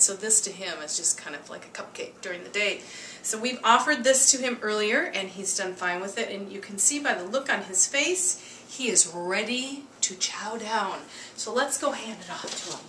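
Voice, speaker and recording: A woman's voice: medium pitch, pushed and bright, a little hiss or hum. A woman dog trainer giving a chatty, upbeat home demonstration in her kitchen. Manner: chatty and upbeat, with frequent asides. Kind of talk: casual instructional demonstration. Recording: echoey room, distant mic.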